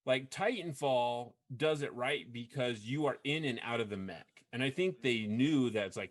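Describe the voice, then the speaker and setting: A man's voice: mid-range voice, moderate pace, few pauses. Man, podcast host, casual gaming chat, rambling, frequent restarts, laughs easily. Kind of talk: casual chat about video games.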